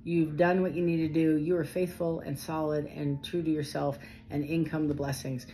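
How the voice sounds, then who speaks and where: A woman giving a casual, animated tarot reading, talking straight to her viewers in a chatty way. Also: low-pitched, moderate pace, a little hiss or hum, rough recording. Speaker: tarot reader.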